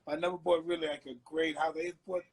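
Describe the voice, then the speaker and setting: A middle-aged man speaking as an interview guest, soft-spoken and halting, often repeating himself. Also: on the high side, flat delivery, slightly rough, low-quality recording. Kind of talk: casual interview chat.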